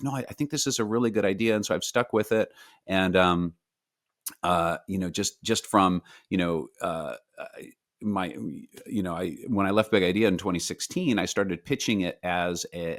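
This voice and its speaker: A low-pitched man talks casually as the guest in an interview. He often restarts his sentences and fills pauses as he thinks. The sound is dry and close, with little room in it. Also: fairly bright tone, dry recording. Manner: halting, many fillers and restarts. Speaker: guest, animated series creator.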